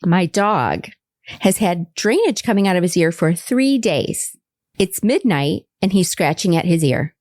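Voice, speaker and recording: A woman's voice: fairly low pitch, lively intonation, a little slow, darkish tone, no echo. Middle-aged lady podcaster, chatty and joking around, dry close mic. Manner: chatty and playful, quizzing her guest. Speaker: podcast host. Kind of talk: casual chat.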